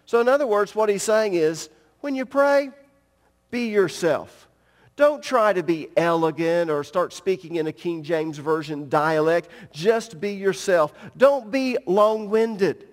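High-voiced pastor in an echoing church. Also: male voice, a little slow. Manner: emphatic, direct, with rising bursts of emphasis. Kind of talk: sermon. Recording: long reverb in a church hall.

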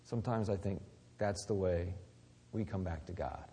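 A pastor preaching a sermon, swinging between loud emphasis and near-whispered asides. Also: male voice, low-pitched, normal speed, a little hiss or hum. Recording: long reverb of a large hall.

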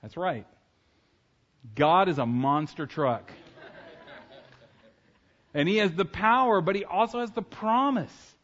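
Joking, animated man preaching a sermon. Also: high voice, takes it slowly, pauses often, lo-fi sound. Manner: conversational and joking, bursting into loud acted shouts. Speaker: pastor. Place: church sanctuary.

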